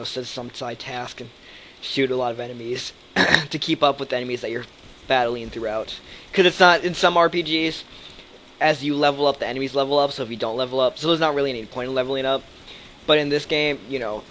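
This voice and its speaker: Young man, let's play commentator, loose and profane, middle pitch, desk mic with faint hiss. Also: poor audio. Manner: rambling, profane, thinks aloud with many fillers. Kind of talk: live gameplay commentary.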